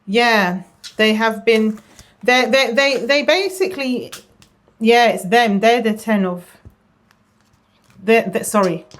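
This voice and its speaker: A woman giving a casual tarot reading, chatty, often repeating phrases and dropping into a soft murmur. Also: fairly high pitch, slow pace, long pauses. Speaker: tarot reader.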